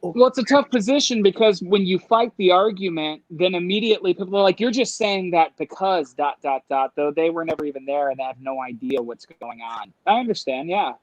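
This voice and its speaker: A man telling a story in casual conversation, animated, acting out voices and laughing as he goes. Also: sits high, fairly quick, hardly any pauses, no echo, low-quality recording. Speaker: guest.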